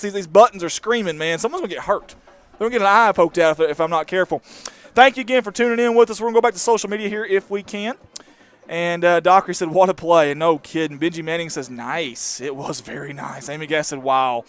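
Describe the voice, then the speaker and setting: A man calls a live high school football game from a press box. His voice sits fairly high for a man. He talks in a folksy, joking way and breaks into excited shouting when a runner breaks free. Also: fast. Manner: folksy, jokey, talkative, bursts into shouting on big plays. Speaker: play-by-play commentator. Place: press box at an outdoor stadium.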